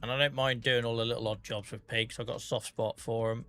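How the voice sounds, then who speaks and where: A man with a Norfolk accent chats casually through a farming game stream, chatty and self-deprecating as he mutters to himself while playing. His medium-pitched voice is a bit bright, moves quickly, and shows little pitch movement. Faint music plays in the background.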